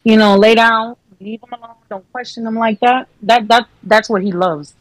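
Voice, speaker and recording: A woman's voice: fairly high pitch, normal speed, dry recording, low-quality recording. A young adult woman chatting candidly as a guest on a podcast, talking with lots of "like" and restarts. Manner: candid, animated, heavy use of "like". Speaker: podcast guest giving relationship advice. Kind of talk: casual podcast chat.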